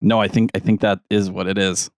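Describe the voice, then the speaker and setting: A man with a very deep, gravelly voice co-hosts a casual sports podcast. He drops in short deadpan remarks. The sound is dry and close-miked. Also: a little fast, dry recording. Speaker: podcast co-host.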